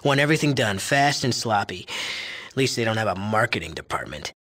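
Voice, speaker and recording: A man's voice: on the low side, expressive, brisk, a bit bright. An actor playing an arrogant, crude young male drug chemist in a video game, boastful and mocking. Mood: sneering. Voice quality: sneering, profane. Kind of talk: game dialogue.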